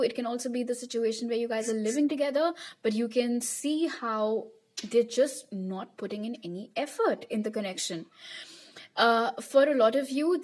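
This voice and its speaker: A woman's voice: on the high side, a little mellow. A young woman giving a pick-a-card tarot reading to her viewers in a chatty, reassuring way. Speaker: tarot reader.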